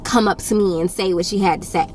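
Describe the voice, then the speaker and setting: This YouTube storyteller, a young woman, talks fast in a medium-pitched, darkish voice with a steady tone. Addressing her camera in a casual storytime, she's blunt, firm and sassy, hammering points home by repeating them, while a faint hiss sits under the close-miked audio.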